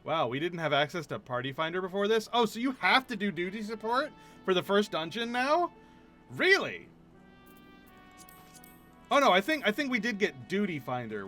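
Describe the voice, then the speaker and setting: A male streamer talking loosely over his gameplay, rambling and self-amused. His voice is high and bright. The pitch jumps around a lot as he chats. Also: big pitch swings, normal speed, soft background music. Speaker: game streamer. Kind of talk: casual gameplay commentary.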